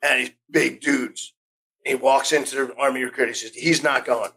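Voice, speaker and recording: A man's voice: medium pitch, flat delivery, moderate pace, gravelly, bright, forceful tone, breathy edge, low-quality recording. A man in his fifties from the United States, a podcast guest telling rambling stories, restarting sentences and acting out the voices he quotes. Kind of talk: casual storytelling interview.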